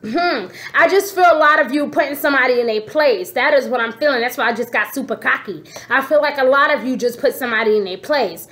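A woman giving a casual tarot reading to her viewers, expressive and sassy, calling them endearments. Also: high-pitched, quick pace, few pauses. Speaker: tarot reader.

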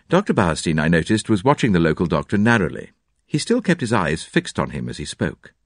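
Male narrator for a detective audio story; lowish voice with lively, swinging pitch. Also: a little fast, no echo, studio quality. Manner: expressive, varied delivery.

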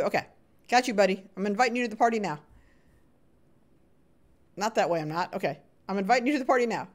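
An excitable woman streams a video game and talks to her viewers as she plays. Her voice sits fairly high and jumps up and down a lot, and she laughs often and calls people sweetheart and buddy. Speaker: gaming livestreamer. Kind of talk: live game commentary and chat.

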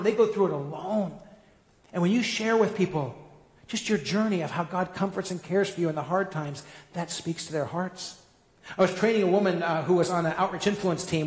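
A man preaching a sermon as a guest speaker, telling stories in an energetic, animated way. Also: high-pitched. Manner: energetic, animated storytelling with rising emphatic peaks. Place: church sanctuary. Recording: echoey church hall.

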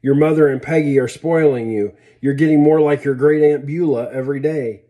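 A man's voice: on the high side, steady tone, fairly quick, dark tone, natural voice. A man voicing a dry, teasing old grandfather in a read-aloud story, plainspoken.

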